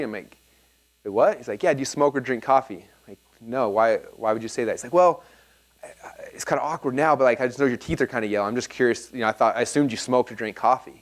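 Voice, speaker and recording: Man, thirties, quick seminar speaker, animated storyteller, plays out dialogue. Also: mid-range voice. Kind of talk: energetic seminar talk with anecdotes.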